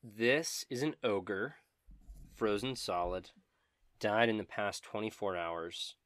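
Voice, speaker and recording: A man runs a tabletop game, reading out scenes slowly and descriptively. His voice sits fairly low and sounds dry and close, with no room around it. He drops playful asides between the descriptions. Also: fairly bright tone, no room sound. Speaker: game master.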